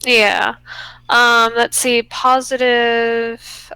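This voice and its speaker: Chatty west coast woman, bright crisp voice, laughs a lot, dry close sound. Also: on the high side, a little slow, no echo. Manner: chatty, laughs often, lively storytelling. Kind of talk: casual chat.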